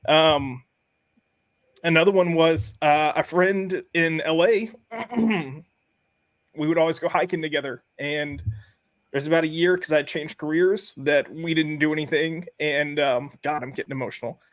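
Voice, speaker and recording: A man's voice: a little high, no echo. Earnest man hosting, dry close sound. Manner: earnest, halting storytelling. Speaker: podcast host. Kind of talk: casual panel discussion.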